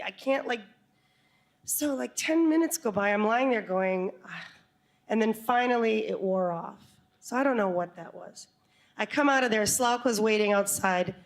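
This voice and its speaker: A woman telling a true story live on stage to an audience, animated and quick to laugh, with comic asides. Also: mid-range voice.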